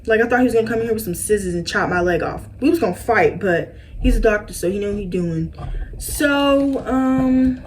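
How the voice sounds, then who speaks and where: A woman tells a story to her viewers in a casual, chatty way and plays up the drama. Her voice sits at an ordinary middle pitch, and faint background noise runs under her. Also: fairly quick, rough recording. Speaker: vlogger.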